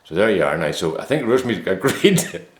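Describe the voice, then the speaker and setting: A man's voice: low voice, sing-song, fast. A man, telling a rambling, self-mocking story to camera in a casual vlog. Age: 50s. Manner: easygoing, rambling, self-mocking anecdote teller. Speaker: vlogger. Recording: roomy echo.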